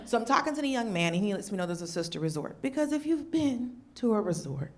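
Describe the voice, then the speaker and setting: A woman comedian doing a stand-up set, telling a story in an animated way and jumping into high voices when she plays other people. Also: quick pace. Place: stage before a laughing audience. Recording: live show with audience noise.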